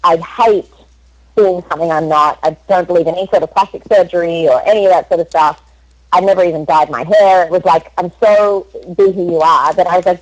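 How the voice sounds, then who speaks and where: A young Australian woman, a voice actress, chatting in an interview and telling stories in an animated, laughing way. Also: on the low side, a little fast, no echo, low-quality recording. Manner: chatty, animated storyteller who laughs often. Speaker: voice actress guest. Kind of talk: casual interview chat.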